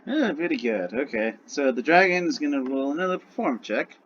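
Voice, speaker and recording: A man's voice: medium pitch, lively intonation, a little fast, muffled recording, slight background noise. A man narrating a tabletop game as game master, often hesitating and restarting his phrases.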